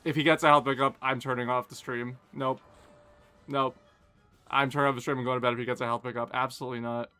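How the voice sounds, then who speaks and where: Fast-talking young man streaming. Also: medium pitch, little pitch movement, pushed and bright, smooth, faint music behind. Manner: fast, casual, self-deprecating chatter. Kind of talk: live gameplay commentary and chat Q&A.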